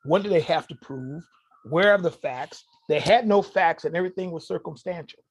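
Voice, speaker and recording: A man with a somewhat high, husky voice, sharing stories as a guest on a talk show. He tells them casually and with energy, turning now and then to speak directly to the listeners. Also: moderate pace. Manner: animated, addresses listeners directly. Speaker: podcast guest. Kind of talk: casual storytelling to an audience.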